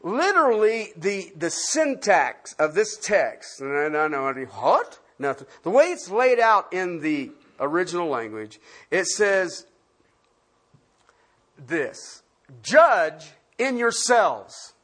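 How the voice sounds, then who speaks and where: Husky-voiced preacher going thru scripture, slow and really animated, drops to quiet asides. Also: mid-range voice. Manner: animated, swings from loud emphasis to quiet asides; rhetorical questions to the listeners. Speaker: pastor. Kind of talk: Bible-study sermon.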